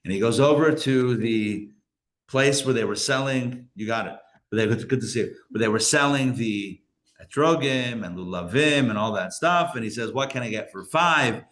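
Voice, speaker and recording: A man, a rabbi, telling a story in a casual live class, chatty and acting out the characters' lines with lively jumps in his voice. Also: mid-range voice, moderate pace. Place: live class in a community center.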